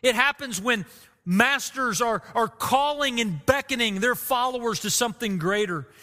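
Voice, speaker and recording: Pastor guy preaching, high bright voice, earnest and emotional, echoey church hall. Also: normal speed. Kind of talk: sermon.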